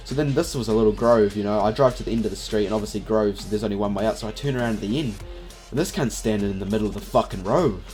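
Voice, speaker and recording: Fast, foul-mouthed young man telling a story. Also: fairly low pitch, darkish tone, soft background music. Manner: rambling, swears constantly, fillers like "you know". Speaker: vlogger. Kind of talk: casual storytelling vlog.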